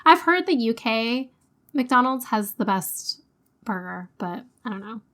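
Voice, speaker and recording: A woman co-hosting a podcast, reacting quickly and chiming in with her own takes in casual chat. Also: a little high, very animated, a bit bright. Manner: responsive listener, quick reactions. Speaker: podcast co-host.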